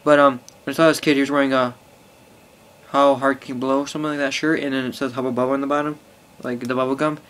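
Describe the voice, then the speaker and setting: A man's voice: mid-range voice, flat delivery, fast talker, a bit bright. A teenage boy rambling casually to an iPod camera, full of fillers and swearing. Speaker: vlogger. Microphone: phone or iPod held close.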